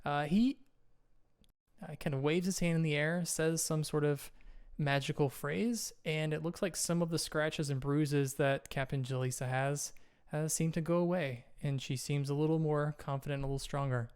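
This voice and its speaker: A man running a tabletop game as game master, narrating the action and checking rules in a steady, descriptive way. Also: fairly high pitch, normal speed, clean tone.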